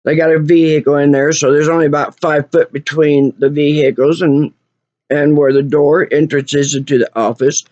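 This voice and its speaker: A woman vlogger from Oklahoma, speaking in a low, dark voice at a moderate pace with fairly even intonation, angrily goes back over an incident, saying things again and again as her voice rises. The muffled lo-fi recording has no echo.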